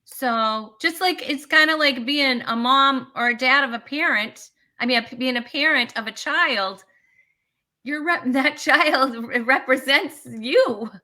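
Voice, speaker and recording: A woman's voice: high-pitched, unhurried, bright, forceful tone. A woman comedian talking as a guest in a casual interview, chatty and emphatic, with frequent restarts.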